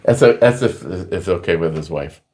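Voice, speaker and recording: A middle-aged man hosting a casual chat show, rambling through stories and loudly acting out what people said. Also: deep voice, lively intonation, moderate pace. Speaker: podcast host.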